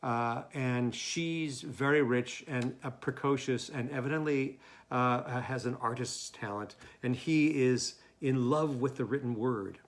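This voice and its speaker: A man's voice: medium pitch, a little slow. A man hosting a home play reading, introducing it casually and hesitantly. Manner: hesitant, many fillers. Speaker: host.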